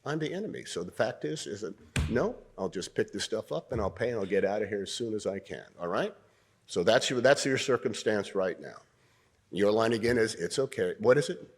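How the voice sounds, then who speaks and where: An older man giving an audience an acting exercise, coaching them and trying out lines in different tones, often clearing his throat. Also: on the low side, expressive, a little fast. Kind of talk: interactive acting lesson in a lecture. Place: university debating hall.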